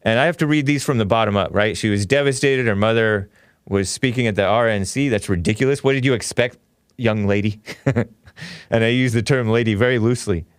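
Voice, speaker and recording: A man's voice: fairly low pitch, a little fast, no echo, clean studio sound. A man hosting a talk show, delivering an opinionated, sarcastic monologue and laughing often at his own remarks.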